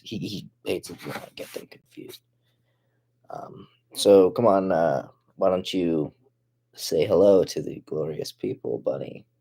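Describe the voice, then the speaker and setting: A man doing an absurd improvised comedy monologue, rambling and stammering, swinging from mumbled asides to excited outbursts. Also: sits low, husky. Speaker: comedic vlogger.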